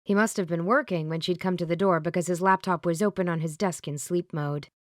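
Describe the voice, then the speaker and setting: A woman narrating a romance audiobook in a steady, clear storytelling manner. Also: lowish voice, a little fast, no echo, studio quality.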